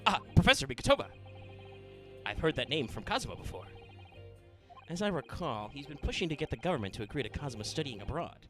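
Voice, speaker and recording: A man's voice: medium pitch, very animated, quick pace, over music, close to an everyday voice. A man voicing an anxious young male defendant in a video game, asking startled, earnest questions. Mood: polite.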